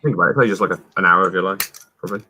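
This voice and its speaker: A man's voice: low voice, very fast, sharp tone, slight background noise. A young man chatting casually, hesitant and often stammering. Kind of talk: casual chat.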